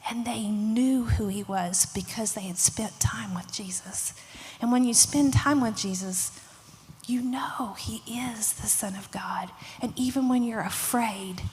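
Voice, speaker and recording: Woman, children's church teacher, animated storytelling, higher voice, long hall reverb. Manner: animated storytelling, acting out voices, hushed emphasis. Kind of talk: Bible story for kids.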